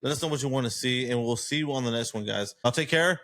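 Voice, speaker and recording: A man's voice: mid-range voice, fast, fairly bright tone. A man co-hosting a casual podcast, blunt and teasing, swearing casually. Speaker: podcast co-host.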